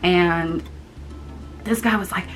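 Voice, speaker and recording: A woman's voice: on the low side, slow pace, faint music behind. Chatty young woman telling a story. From United States. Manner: chatty, animated, swears casually. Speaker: vlogger. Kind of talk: casual storytime.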